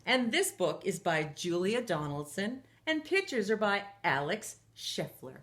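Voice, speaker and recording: Animated woman reading a picture book. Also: medium pitch, a little slow. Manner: animated, asks children questions. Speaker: teacher.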